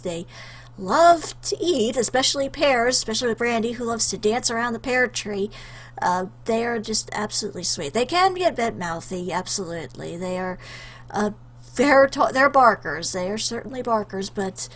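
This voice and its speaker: A young woman talks straight into her webcam in a loose, rambling way, full of little fillers and restarts. Her voice sits at an ordinary pitch, and she sounds choked up with emotion. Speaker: YouTuber answering a questionnaire. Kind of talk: casual webcam chat.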